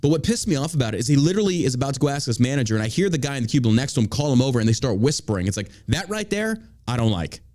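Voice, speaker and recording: A man's voice: medium pitch, animated, racing, few pauses, dark tone. A man hosting a casual talk show, ranting with energy and mocking people in put-on voices. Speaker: podcast host. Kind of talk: casual profane chat.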